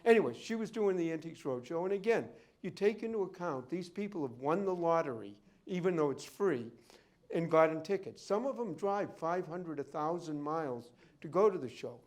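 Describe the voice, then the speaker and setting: A man's voice: fairly high pitch, expressive, moderate pace, a little mellow. A man who deals in and appraises rare books, telling rambling anecdotes at a library talk. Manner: rambling storyteller, goes off on tangents. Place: library event room.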